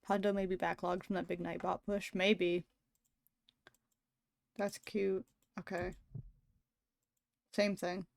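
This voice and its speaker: A woman live-streaming a story game, reading along and chatting, animated, laughing often and swearing casually. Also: lowish voice, slow, creaky, long pauses, no room sound.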